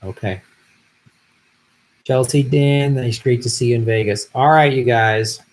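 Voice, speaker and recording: A man's voice: medium pitch, measured pace, low-quality recording. A man hosting a political commentary livestream, chatting casually and profanely while he reads viewer comments from a home setup. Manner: loose, profane, conversational. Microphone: earpiece with improvised audio setup.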